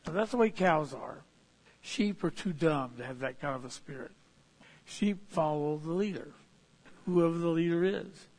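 A man with a husky, slightly high voice delivers a folksy sermon. He talks in plain, homespun pictures and swells into sudden emphatic peaks before easing back down. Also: moderate pace, a little mellow. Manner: folksy, illustrative preaching with sudden emphatic rises. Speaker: preacher.

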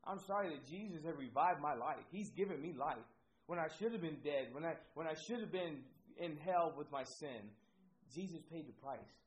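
A man's voice: on the high side, expressive, normal speed. A man from Ohio preaching a sermon with energy, repeating his phrases for emphasis. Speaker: pastor. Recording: dull lo-fi recording with faint noise.

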